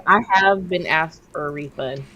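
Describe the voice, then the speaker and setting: A woman in her thirties co-hosting a podcast, telling a story in casual chat and jumping her pitch to act out what others said. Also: moderate pace, highs cut off, a crowd in the background. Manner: animated, acts out quotes with big pitch jumps. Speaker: podcast co-host.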